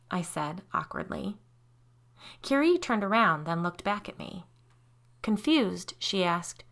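A woman hosting a podcast, narrating a first-person story with expressive reading that drops low and soft for the tense parts. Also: a little slow.

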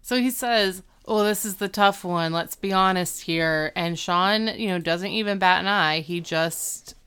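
A woman's voice: on the low side, measured pace, smooth. A woman co-hosting a casual podcast, retelling a TV episode and acting out the characters' lines. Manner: animated retelling, acting out quotes. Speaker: podcast co-host recapping a TV episode. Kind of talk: casual chat.

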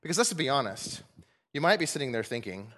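A man preaching a sermon, animated and joking, often laughing as he talks. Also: mid-range voice, brisk, big-room sound. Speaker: pastor.

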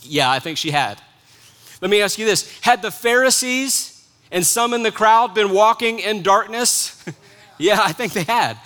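High, bright-voiced preaching man. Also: lively intonation, unhurried. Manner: earnest preaching, swings between soft hushed lines and rising emphatic ones. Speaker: pastor. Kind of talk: sermon.

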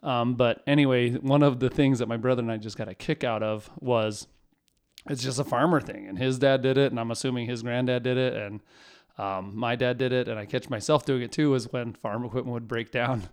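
A man's voice: medium pitch, steady tone, a little fast, a little mellow, clean tone. A man in his forties, a father of four, telling rambling, self-mocking family anecdotes in a casual chat. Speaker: podcast guest.

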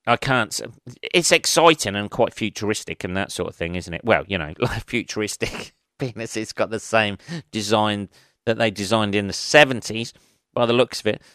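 Male host, profane solo rant, smooth dry close-mic sound. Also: on the low side, fairly bright tone, dry recording. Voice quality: profane, rambling, thinks aloud. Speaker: podcast host.

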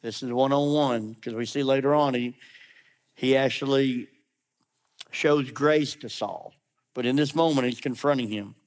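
Unhurried and mid-range in voice, this male pastor delivers a sermon in a chatty style. He puts direct challenges to the audience and slips in sarcastic remarks.

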